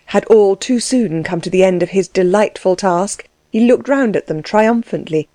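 A woman narrating an audiobook in a measured, expressive storytelling manner. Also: medium pitch, no room sound.

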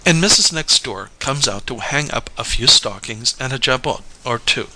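A man's voice: mid-range voice, expressive, normal speed, bright, forceful tone, rough recording. A man voicing a cheerful, witty young woman in a story reading, giving her sweet, teasing replies.

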